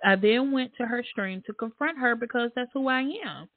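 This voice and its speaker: A woman's voice: moderate pace, dry recording. Woman hosting a livestream, tinny and dry. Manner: animated, reads chat comments aloud, swings high for emphasis. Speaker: livestream host. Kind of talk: casual live-chat commentary. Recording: dry, tinny phone-like sound.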